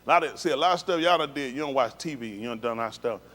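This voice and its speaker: A man's voice: mid-range voice, very fast, a bit bright. A man giving an emphatic personal testimony to a congregation during a synagogue livestream, repeating himself and talking plainly in street slang. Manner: emphatic, repetitive, street-talk storytelling.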